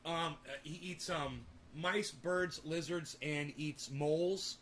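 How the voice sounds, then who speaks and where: A man's voice: on the high side, slow, fairly bright tone. A man telling rambling, profanity-laden stories in a casual home vlog. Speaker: vlogger. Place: home with garden and indoor grow.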